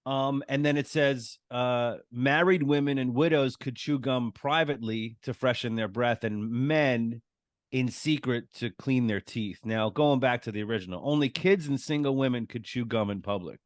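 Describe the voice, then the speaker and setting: A man's voice: medium pitch, moderate pace, no echo, studio quality. A man, a guest comedian, talking through joke ideas in a casual chat, storytelling and acting out little voices. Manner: storytelling, acts out voices for jokes.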